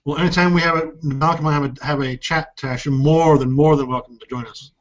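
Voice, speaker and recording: A man co-hosting a casual online chat, easygoing and quick to laugh at himself. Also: a little high, steady tone, highs cut off. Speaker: co-host.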